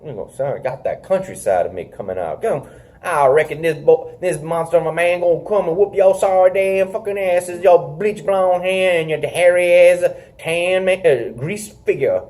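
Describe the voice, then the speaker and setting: A man's voice: sits high, very animated, unhurried, few pauses, voice pushed up. A man on a podcast putting on the voice of an angry country redneck brawler who trades crude, drawling trash talk. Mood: threatening. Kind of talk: podcast impression.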